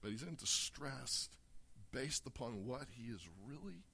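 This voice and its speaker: Slow, earnest male preacher. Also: medium pitch, lively intonation, creaky, sharp tone, slight background noise. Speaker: pastor. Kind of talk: sermon with scripture reading.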